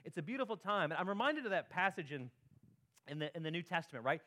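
A man's voice: on the high side, sing-song, fast, bright, forceful tone. A pastor giving a sermon in a conversational way, often checking in with his listeners and repeating words as he goes. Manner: conversational preaching, frequent tag questions and repeated words.

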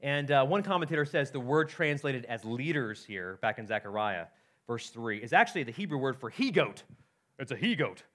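Male pastor, sermon, conversational and animated, pitch swings a lot. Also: normal speed. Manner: conversational, asks "right?" often, reads scripture aloud.

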